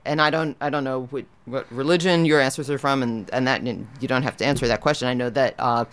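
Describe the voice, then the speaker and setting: A man's voice: mid-range voice, fairly even intonation, quick pace, a bit bright, clear, resonant tone. A man hosting a casual radio show in a studio, rambling and correcting himself as he talks. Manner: rambling, self-correcting, chatty. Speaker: radio DJ and host.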